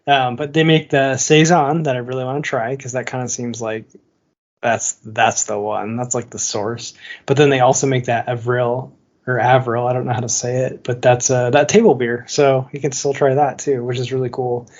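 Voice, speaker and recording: A man's voice: mid-range voice, little pitch movement, normal speed, highs cut off. Chatty laughing male podcast co-host. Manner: chatty, laughs often, lots of "like" fillers. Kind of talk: casual chat.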